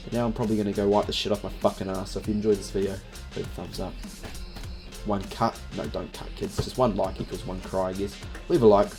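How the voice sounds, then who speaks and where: A man's voice: fairly low pitch, level tone, fast, a little mellow, soft background music. A young man telling a rambling story in a casual vlog, swearing constantly and filling every gap with "you know". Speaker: vlogger.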